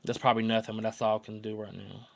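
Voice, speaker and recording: A man's voice: on the low side, level tone, fast talker, gravelly. A man in his twenties from North Carolina with a Southern accent, talking to camera in a rambling, earnest and emotional way that repeats itself. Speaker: vlogger. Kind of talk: casual rambling vlog to camera.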